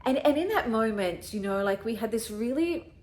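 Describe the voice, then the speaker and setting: A woman's voice: fairly high pitch, expressive, normal speed, darkish tone. A middle-aged woman hosting a podcast, telling an emotional personal story in an earnest way, often repeating herself. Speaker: podcast host.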